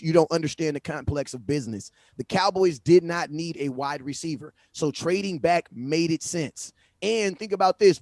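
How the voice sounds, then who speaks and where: A man hosting a live stream from home, talking sports in loose, animated slang. His voice sits a bit high, and he repeats phrases as he reacts. The sound is dry and close. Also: no room sound. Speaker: livestream host. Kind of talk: casual sports commentary. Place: home livestream setup. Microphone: phone.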